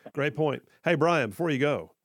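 A man's voice: a little high, expressive, fairly quick, no echo, clean studio sound. A man hosting a talk radio show, giving opinionated political commentary and repeating his points for emphasis.

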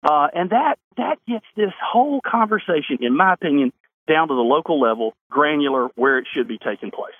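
A man's voice: on the high side, animated, fairly quick, husky, no room sound. A man, a state lawmaker calling into a radio talk show, speaking emphatically and answering his own rhetorical questions. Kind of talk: radio call-in interview. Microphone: phone. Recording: phone line into a radio show.

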